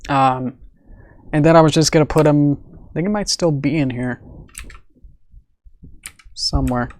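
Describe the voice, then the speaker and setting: A man's voice: fairly high pitch, fairly even intonation, unhurried, darkish tone. A man who animates, chatting casually on a live stream about his work. He rambles, uses many fillers and laughs often. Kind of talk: casual livestream chat.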